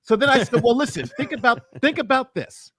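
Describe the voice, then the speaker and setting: A man on a livestream panel, telling a story in a lively, animated way and laughing often. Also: a little fast, no echo, clean studio sound. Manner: animated storyteller, laughs often, rises high when excited. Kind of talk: casual livestream chat.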